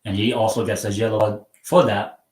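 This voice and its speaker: A man hosting a casual live football watchalong. He rambles and mocks himself, and his sentences often trail off quietly. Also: fairly low pitch, flat delivery, moderate pace. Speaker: live stream host. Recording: roomy sound from a mic at some distance.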